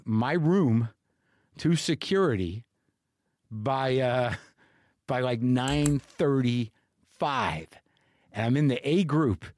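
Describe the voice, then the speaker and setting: A middle-aged man hosts his podcast with a rambling, self-mocking monologue, his voice pitched a touch higher than most men's. He tells the story in an animated, comic way. The sound is dry and close, with no room echo. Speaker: podcast host. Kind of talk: comedic monologue.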